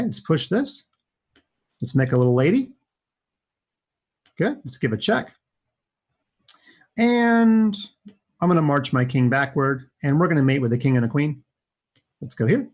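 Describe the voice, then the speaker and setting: A man's voice: fairly high pitch, husky. A man commentating his own chess games live for kids, chatty and upbeat, thinking aloud as he plays. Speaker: chess coach and streamer.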